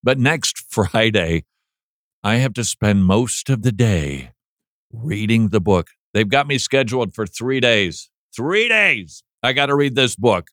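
Playful podcast host, dry studio sound. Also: male voice, fairly low pitch, unhurried, no room sound. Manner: animated, mocking flat monotone readings. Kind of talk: casual chat.

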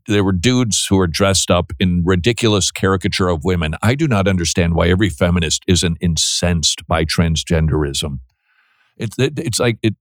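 Earnest preachy man, low voice. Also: no room sound, clean studio sound. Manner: earnest, preachy, with stammered restarts. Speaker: radio host. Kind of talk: Christian call-in radio talk.

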